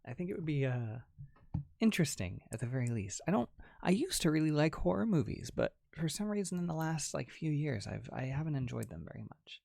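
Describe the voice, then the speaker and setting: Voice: mid-range voice, sing-song, brisk, gravelly, darkish tone, dry recording, clean studio sound. A young adult ASMR creator hosting a casual livestream, chatting and reading out chat messages, with frequent giggles and a lot of "like". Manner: chatty, lots of "like" and restarts, giggles often.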